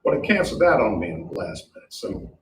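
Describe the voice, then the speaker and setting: A man's voice: on the low side, big pitch swings, fast. An older man sharing rambling, chuckling stories about a friend at a memorial gathering. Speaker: friend giving a memorial tribute. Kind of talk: informal memorial storytelling. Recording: distant, echoey hall with noise.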